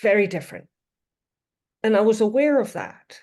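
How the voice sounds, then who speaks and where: A woman's voice: medium pitch, expressive, moderate pace, a little mellow. A woman in her fifties, a podcast guest telling a personal story in a thoughtful, reflective way, often circling back to restate her points. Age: 50s.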